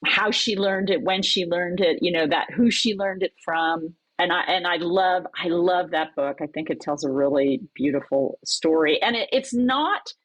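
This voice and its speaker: A woman who teaches cookbook writing, talking in an animated, conversational way as a podcast guest. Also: lowish voice, normal speed, few pauses, no echo, poor audio. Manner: animated, lively storyteller with laughs. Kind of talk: conversational interview.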